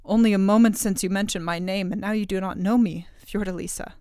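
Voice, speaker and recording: A woman's voice: medium pitch, fairly even intonation, fairly quick, mellow, smooth, dry recording, studio quality, lightly acted. A woman voicing a faithful king turned into a blue bird, speaking tenderly in a storybook reading. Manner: tender, devoted.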